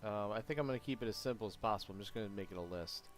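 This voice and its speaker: A man with a fairly low voice chats casually on a live stream while coding his game, muttering to himself and then bursting out excitedly when things work. Faint music plays underneath his desk-mic talk. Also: racing. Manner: rambling, self-talk with sudden excited outbursts.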